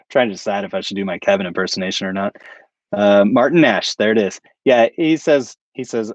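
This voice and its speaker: A man's voice: fairly low pitch, moderate pace, pauses often, no echo, lo-fi sound. A man hosting a casual livestream and chatting with viewers. He rambles and chuckles at his own jokes. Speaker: channel host.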